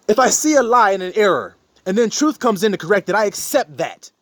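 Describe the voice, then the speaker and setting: Man, preachy monologue, blunt and profane, lively swooping pitch, a touch high, faint traffic noise behind. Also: moderate pace. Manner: blunt and profane, mocking others in put-on voices. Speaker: online preacher.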